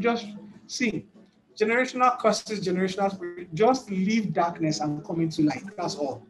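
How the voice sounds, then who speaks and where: A man's voice: sits high, unhurried, poor audio. A male preacher giving a sermon in an emphatic way, repeating his points and laughing between them.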